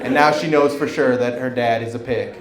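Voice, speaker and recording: A man in his forties performing a stand-up comedy set on a club stage, telling an animated story and acting out the voices of the people in it. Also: mid-range voice, fairly quick. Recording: roomy live club recording with crowd laughter. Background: audience laughter.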